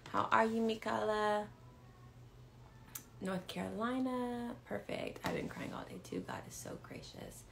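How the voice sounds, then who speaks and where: A woman hosting a casual faith livestream, greeting viewers by name and telling a story in a chatty, excitable way. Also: on the low side, slight background noise. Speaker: livestream host and ministry leader.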